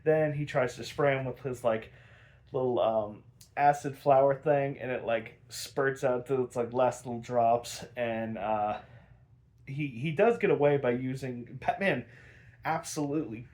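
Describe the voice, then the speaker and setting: A man's voice: mid-range voice, unhurried, darkish tone. A man casually recapping a cartoon episode, rambling with lots of filler words and frequent laughs. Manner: rambling, lots of likes and ums, laughs often.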